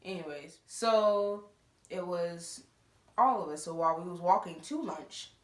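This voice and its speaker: A woman's voice: on the low side, measured pace. Young woman doing a storytime vlog, laughs a lot, slangy, echoey room. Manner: animated, laughing, slangy asides. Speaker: storytime vlogger. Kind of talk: casual storytelling. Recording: roomy echo.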